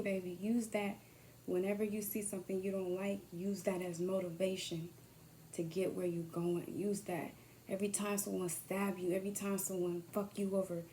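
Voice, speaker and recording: A woman giving a casual motivational monologue, swearing freely and swinging from hushed whispers to loud bursts. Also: medium pitch, a little hiss or hum. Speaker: motivational vlogger.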